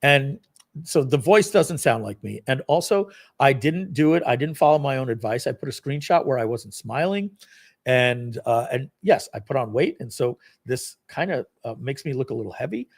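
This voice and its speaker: A man hosts a live product launch stream, guiding viewers through a software demo with a casual, rambling, self-deprecating style full of fillers. His mid-range voice is expressive and gravelly, moving at a moderate pace.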